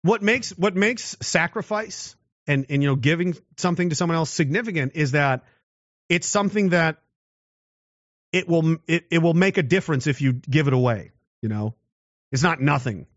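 A man talking casually and giving his opinion, swinging into loud mocking voices. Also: a little high, dry recording, highs cut off. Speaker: commentator.

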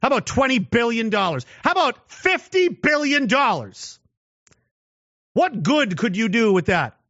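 A man talking casually and giving his opinion, swinging into loud mocking voices. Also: very high voice, big pitch swings, a little slow, no echo, lo-fi sound. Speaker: commentator.

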